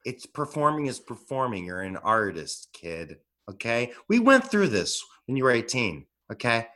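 A blustering, scoffing dad who waves off every complaint, as a man puts him on. His voice swings widely up and down, and the tone is sharp and bright. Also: medium pitch, big pitch swings, normal speed. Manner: blustery, scoffing, stammers when worked up. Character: grumpy aging father, dismissive, boastful.

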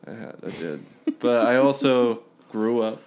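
A man's voice: medium pitch, expressive, measured pace, a little mellow. A young man co-hosting a casual podcast, rambling with lots of "like" and "dude.". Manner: rambling, filler-heavy, says "like" and "dude". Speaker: podcast co-host.

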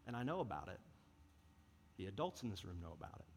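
A man's voice: low voice, big pitch swings, fast, darkish tone, a little hiss or hum. Impassioned male preacher in a reverberant hall. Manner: earnest, impassioned, conversational preaching. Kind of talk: sermon. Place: church service hall.

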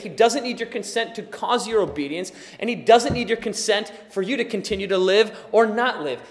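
A man preaching a sermon as pastor, impassioned and building to emphatic, forceful delivery. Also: sits high, big-room sound.

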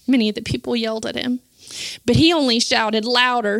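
Impassioned high-voiced woman preacher. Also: steady tone, a little fast, vocal fry, a bit bright, dry recording. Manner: impassioned, rising to fervent cries. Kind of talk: sermon.

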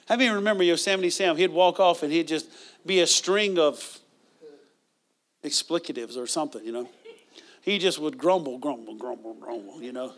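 High-voiced man preaching a sermon. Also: normal speed, pauses often. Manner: conversational preaching with bursts of loud praise. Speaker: pastor.

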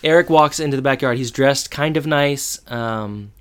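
A man's voice: mid-range voice, normal speed, clear, resonant tone. A man co-hosting a podcast, casually retelling a TV episode with jokes and bits of laughter. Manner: jokey, laughs while telling. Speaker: podcast co-host. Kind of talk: casual chat recapping a TV episode.

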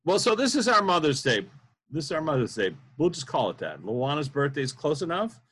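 A man's voice: a little high, big pitch swings, brisk, a bit bright, slight background noise. A man hosting a casual interview, joking and self-deprecating as he leads the talk. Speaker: podcast host.

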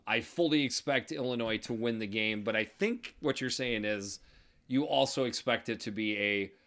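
A man hosting a casual sports podcast with a bright, forceful voice. He walks through game times and betting lines in a chatty way. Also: mid-range voice. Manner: chatty, breaks down games with odds. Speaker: podcast host.

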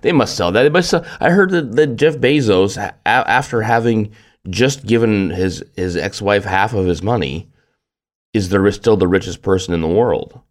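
Male podcast co-host, very deep groggy morning voice, wry teasing rambler. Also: normal speed. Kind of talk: casual chat.

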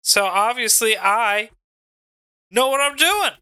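Brief: man playing cocky Southern-drawl pro wrestler cutting a promo, bright and animated. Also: slow pace, smooth, dry recording, full character voice. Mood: smug. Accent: American Southern. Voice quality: drawling, raised pitch. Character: cocky male pro wrestler, folksy and boastful.

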